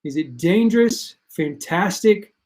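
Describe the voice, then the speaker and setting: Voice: mid-range voice, expressive, unhurried, a little mellow. A parent hosting a casual online quiz stream for students, chatting and reading out players' answers and scores. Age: adult parent.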